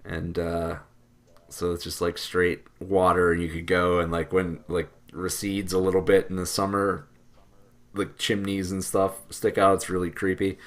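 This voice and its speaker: A man with a low-pitched voice co-hosting a casual podcast. He jokes in a dry, sarcastic way, with an easygoing, offhand delivery. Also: monotone, moderate pace. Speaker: podcast co-host. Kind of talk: casual chat.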